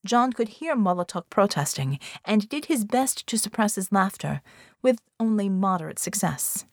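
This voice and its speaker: A woman narrating an adventure audiobook in a steady, even storytelling manner. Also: medium pitch, moderate pace, no room sound, studio quality. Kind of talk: scripted narration.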